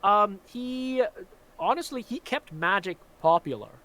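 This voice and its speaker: A man's voice: sits high, expressive, measured pace, sharp tone. A man co-hosting a live stream, chatting casually and thoughtfully, wandering through his points with lots of "like" asides. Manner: thoughtful, rambling with many "like" asides. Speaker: magician co-host of a livestream. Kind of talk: casual livestream chat.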